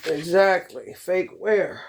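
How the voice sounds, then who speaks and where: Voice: medium pitch, lively intonation, slow pace, slight background noise. Slangy, laughing casual vlogger. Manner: loose, slangy and profane, laughs often, calls listeners honey and baby. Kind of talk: casual monologue.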